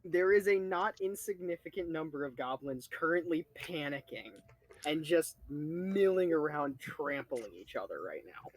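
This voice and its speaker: A man leads a tabletop game as dungeon master, his voice sitting a little high. He talks in an amused, chatty way and laughs often as he narrates what happens. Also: lively intonation, normal speed. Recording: casual online voice chat.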